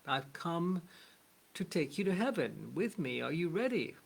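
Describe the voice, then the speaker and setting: A man voicing a gentle, calm wandering saint in a storytelling lesson. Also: on the high side, a little slow, vocal fry, heavily acted.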